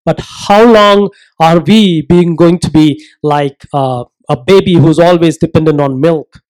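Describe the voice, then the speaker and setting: A man preaching a sermon, earnest and emphatic, asking rhetorical questions and slowing down to stress his points. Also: a little high, a little mellow, clean tone, poor audio.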